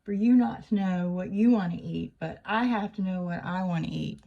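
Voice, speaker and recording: Chatty middle-aged woman, low voice. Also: moderate pace, gravelly, warm tone, highs cut off. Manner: chatty, wry, laughs at her own jokes. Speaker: channel host. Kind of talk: casual comedic monologue.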